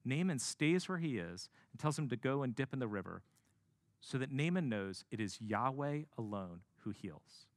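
A man preaching a sermon who tells a story in an animated way and adds casual asides. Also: medium pitch, normal speed, dry recording. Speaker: pastor.

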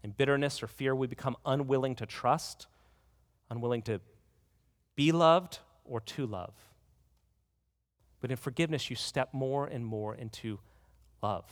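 A man preaching a sermon as pastor, earnest, telling a story and slowing down to stress key words. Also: medium pitch. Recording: reverberant hall.

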